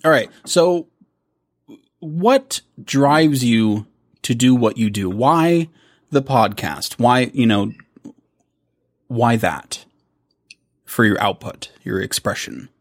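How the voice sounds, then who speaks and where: A man's voice: mid-range voice, expressive, slow pace, pauses often, no echo, clean studio sound. A man interviewing podcast guests, teasing them and asking casual questions.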